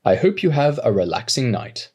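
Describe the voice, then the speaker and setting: A man's voice: mid-range voice, big pitch swings, moderate pace, darkish tone, husky, pitched above the performer's own voice. A man reading an audiobook, voicing a polite, formal male hotel employee.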